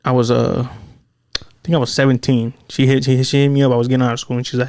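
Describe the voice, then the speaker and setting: A man hosting a casual podcast chat, rattling off stories at a fast clip. His voice has a gravelly fry, and he swears freely and jumps into quoted lines. The sound is dry and close, with no room around it. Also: medium pitch, level tone, darkish tone, dry recording. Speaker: podcast host.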